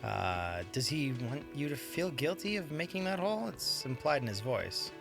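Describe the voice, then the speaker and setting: A man's voice: on the high side, very animated, moderate pace, creaky, music in the background. A man streaming a detective game, reading the text aloud with playful, swearing reactions. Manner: playful, swears, laughs often. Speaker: let's play streamer.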